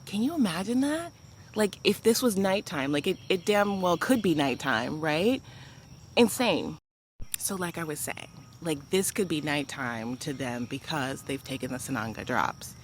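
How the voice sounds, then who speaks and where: A woman vlogger telling a personal story to camera in an animated, chatty way, full of "like" and speaking to viewers as "y'all.". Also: low-pitched, a little slow, a little hiss or hum.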